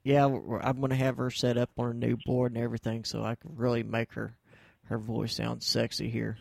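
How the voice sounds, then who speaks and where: Gravelly laid-back male show host. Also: medium pitch, completely flat delivery, a little fast, dry recording, clean studio sound. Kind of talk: casual radio show chat.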